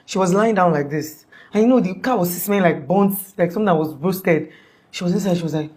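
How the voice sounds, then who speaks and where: Fast-talking Nigerian woman telling a story. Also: on the low side. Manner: animated, acts out quoted speech, many restarts. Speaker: guest recounting an event. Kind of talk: conversational storytelling.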